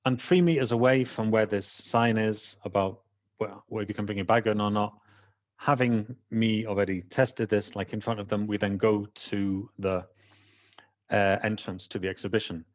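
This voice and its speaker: Man, Welsh accent, lowish voice, animated storytelling, dull lo-fi sound. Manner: animated, acts out the people he quotes. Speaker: trainer. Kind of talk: personal storytelling monologue. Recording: dull lo-fi recording.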